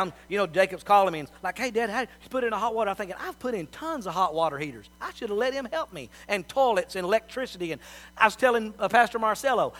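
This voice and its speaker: Middle-aged male preacher, high and bright, folksy sermon storyteller who swings between hushed and loud.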